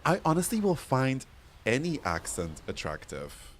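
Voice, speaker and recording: A man's voice: mid-range voice, huge pitch swings, measured pace, slight background noise. A man streaming a game, chatting casually and giggling as he reacts to chat messages.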